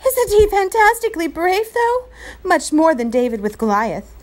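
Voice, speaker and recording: A woman reading aloud and voicing a headstrong, excitable young boy, high and quick.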